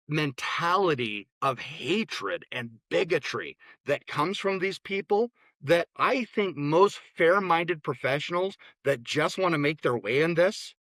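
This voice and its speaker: A man's voice: on the high side, sharp tone, no room sound. A man, a therapist and interview guest, talking bluntly and opinionatedly, often restarting his words. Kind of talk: casual interview talk.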